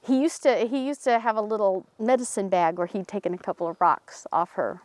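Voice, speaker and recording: Telling a local story in a relaxed, spirited way, a paranormal team member in a cemetery acts out quoted voices at a higher pitch. She talks slightly fast, and there is no room sound.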